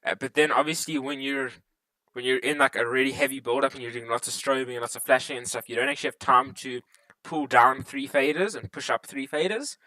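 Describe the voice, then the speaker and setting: Guy hosting a live tutorial, bright tense voice, rambly, lots of restarts, dry close desk mic. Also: medium pitch, a little fast, dry recording, poor audio. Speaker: livestream host explaining lighting console setup. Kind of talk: casual live tutorial chat. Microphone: desktop USB microphone.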